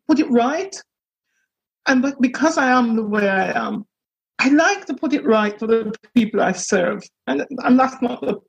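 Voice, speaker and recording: Husky-voiced woman minister, halting and earnest. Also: sits high, lo-fi sound. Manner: earnest, halting, with many pauses and restarts. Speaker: minister and priest. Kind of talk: reflective personal testimony.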